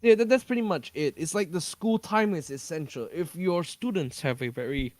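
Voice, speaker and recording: A man's voice: on the high side, normal speed, a little mellow. A man from Malaysia with a Malaysian English accent, a podcast guest talking casually, often hunting for words and restarting sentences. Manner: searching for words, many restarts and fillers.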